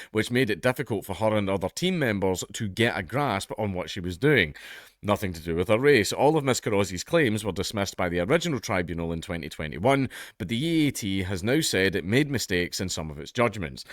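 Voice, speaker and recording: A man's voice: on the low side, fairly bright tone, no echo, clean studio sound. A man with a toned-down Scottish accent, reading out a news story and commenting on it in a blunt, sweary, mocking way. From Scotland. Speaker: YouTube commentator.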